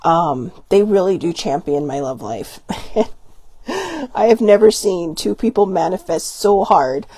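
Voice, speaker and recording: A woman's voice: on the low side, takes it slowly, mellow, breathy edge, no echo. A woman giving a casual oracle card reading, rambling and emotional, teary-eyed with watering eyes, often laughing and stopping herself mid-sentence. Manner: rambling, emotional, self-interrupting with laughs and ums.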